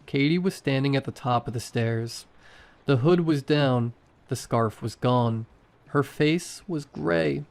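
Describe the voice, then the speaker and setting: A man reading a horror story aloud in a slow, measured way. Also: medium pitch, creaky. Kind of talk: scripted horror narration.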